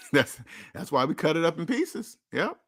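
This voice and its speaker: Emphatic, repetitive man with a higher voice. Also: big pitch swings, a little slow, a bit bright, no echo, clean studio sound. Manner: emphatic, repetitive, laughs often. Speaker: podcast host. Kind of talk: casual call-in chat.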